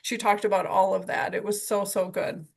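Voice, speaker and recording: A woman's voice: mid-range voice, flat delivery, normal speed, vocal fry. A woman leading a weekly sales team call, upbeat and encouraging as she recaps a coaching session. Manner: enthusiastic, encouraging.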